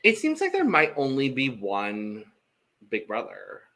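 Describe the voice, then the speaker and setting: A man's voice: mid-range voice, huge pitch swings, unhurried, sharp tone. A man co-hosting a podcast, chatting casually and throwing in dry, sarcastic remarks. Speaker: podcast co-host. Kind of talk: casual chat.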